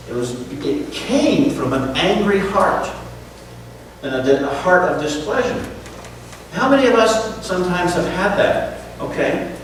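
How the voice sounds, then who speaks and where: A man preaching a sermon as pastor, animated, who keeps checking in with the congregation with "okay?" and "right?". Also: fairly high pitch, slight background noise. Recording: echoey hall, voice from far off.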